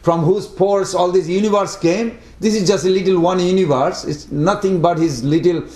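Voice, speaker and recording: A man speaking to a devotional study group, telling a story in an animated way and acting out the characters. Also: high voice, moderate pace. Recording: roomy echo.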